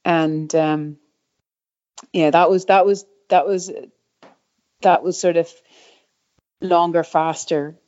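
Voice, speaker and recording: Woman, middle-aged, lowish voice, rambling, many fillers, dull muffled recording. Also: steady tone, takes it slowly, long pauses, a little mellow. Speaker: guest, former downhill mountain bike racer. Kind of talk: casual interview storytelling.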